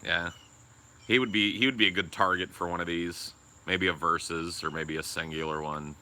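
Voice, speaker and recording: A man co-hosting a podcast, talking in a profane, rambling casual way with loud laughs. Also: low-pitched, fairly even intonation, normal speed. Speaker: podcast co-host. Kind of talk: casual chat.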